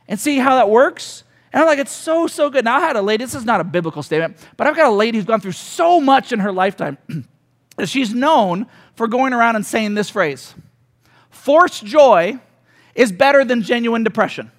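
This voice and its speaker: A middle-aged man with a very high voice delivers a sermon as a pastor. He preaches earnestly and slips into storytelling, acting out the lines of the people in his tale. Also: lively intonation, normal speed.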